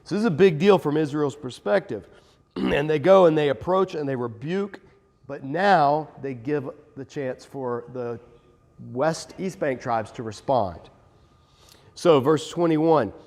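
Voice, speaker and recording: A man teaching a Bible study in a conversational, animated way, stressing points with emphasis and joking at his own expense. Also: fairly high pitch, unhurried, big-room sound. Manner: animated and emphatic, with self-deprecating asides.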